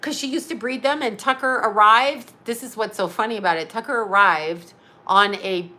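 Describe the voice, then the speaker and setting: Chatty rambling woman with a bright voice. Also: medium pitch, normal speed. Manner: chatty, rambling, laughs often, does voices of others. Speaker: host. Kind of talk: casual storytelling monologue.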